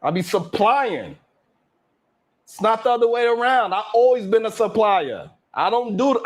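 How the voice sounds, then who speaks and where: A man hosting his own live stream show, boasting and trash-talking the haters in a loud, hyped rant full of cursing. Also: high voice, lively intonation, normal speed. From Brownsville, Brooklyn.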